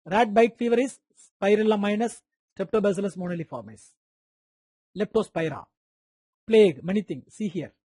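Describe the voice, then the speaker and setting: A man's voice: high-pitched, normal speed, long pauses, warm tone, no room sound. A man with an Indian English accent giving an online medical lecture, quizzing students by name and repeating key terms.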